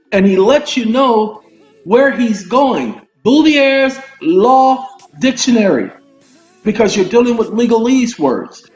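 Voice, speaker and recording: A man casually reading legal documents aloud and explaining them to his viewers, with lively asides and frequent check-ins. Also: high voice. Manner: animated, addresses listeners as y'all, breaks off into asides. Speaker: legal commentary host. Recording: roomy, dull sound with faint music.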